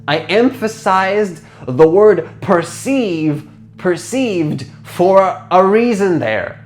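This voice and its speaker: A coach talks straight to the listener in a loose, rambling motivational monologue, full of rhetorical questions and filler words. The voice sits at a medium pitch, and soft music plays underneath. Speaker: identity transformation coach. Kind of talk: motivational talk to camera.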